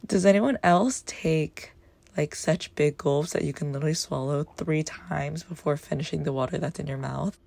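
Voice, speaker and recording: A woman dietitian chatting through a casual day-in-the-life voice-over in a relaxed, self-deprecating way, her voice gravelly from just waking up. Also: low voice, normal speed, dry recording. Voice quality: gravelly morning voice. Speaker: dietitian vlogger.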